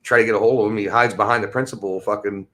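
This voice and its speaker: A man's voice: fairly even intonation, very fast, a bit bright. Male podcast host, profane rambling solo rant, agitated and exasperated. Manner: swings between low mutters and high exasperation.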